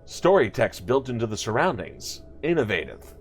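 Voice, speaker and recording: A man's voice: mid-range voice, very animated, moderate pace, faint music behind. A man hosting a let's play video, commenting playfully and sarcastically with jokey asides. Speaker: gaming video host.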